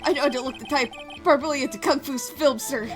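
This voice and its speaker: A woman doing a jumpy loud young cop. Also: high voice, fast talker, music in the background, natural voice. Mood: eager. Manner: loud, ends lines with a barked "sir". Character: jittery eager young male police officer.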